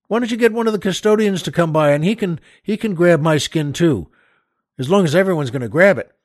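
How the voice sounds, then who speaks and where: Exasperated high-voiced man telling a story. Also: lively intonation, fairly quick, no echo, studio quality. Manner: exasperated, digressive, incredulous. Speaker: podcast host. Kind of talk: comic storytelling monologue.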